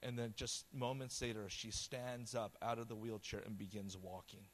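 A man's voice: lowish voice, little pitch movement, moderate pace, a bit bright. Passionate man preaching a sermon. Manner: storytelling with quoted dialogue, repeated words. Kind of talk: sermon with personal testimony.

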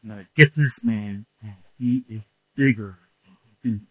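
A male preacher telling a story in a sermon, animated and acting out the scenes with shouts. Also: fairly low pitch, measured pace, no room sound, low-quality recording.

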